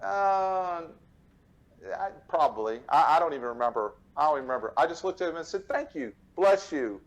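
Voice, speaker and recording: A father co-hosting a casual talk show, rambling through a story in a loose, easy way. His voice sits a little high, and he jumps higher still when he mocks what others would say. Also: expressive, brisk, muffled recording. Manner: laid-back, rambling, with restarts and sudden high mocking asides. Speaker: podcast co-host, father.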